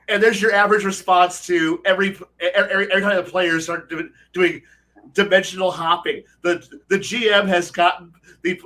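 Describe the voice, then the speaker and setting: A man's voice: high-pitched, sharp tone. A man on a podcast panel for dungeon masters, talking in a rambling, profane, casual way with many restarts. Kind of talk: casual chat. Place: podcast recording.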